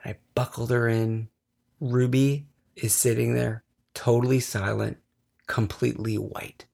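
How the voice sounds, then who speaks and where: A man's voice: medium pitch, little pitch movement, unhurried, creaky, a little mellow. A man co-hosting a podcast, telling an earnest, self-reflective story in casual chat. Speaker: podcast co-host.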